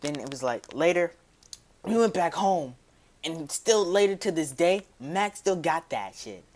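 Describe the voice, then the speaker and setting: A man telling a personal story to his viewers in a casual, slangy, rambling way, dropping his voice low for quoted asides. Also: animated, unhurried, a little mellow.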